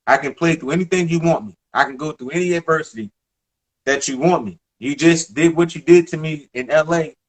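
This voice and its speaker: A man in his thirties from the Bronx with a New York accent, telling stories in a casual interview, animated, emphatic and profane. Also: fairly high pitch. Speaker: former basketball player, guest.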